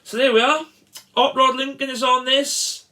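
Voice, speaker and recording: A man casually showing records from his collection, chatty and enthusiastic, with frequent pauses and restarts. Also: very high-pitched, flat delivery, pushed and bright. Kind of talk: casual record show-and-tell.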